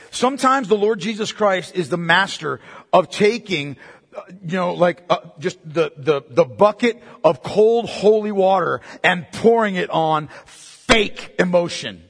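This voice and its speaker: High husky-voiced pastor preaching. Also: male voice, long reverb tail. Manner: emphatic, asks the congregation repeated questions. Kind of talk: sermon. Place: church hall.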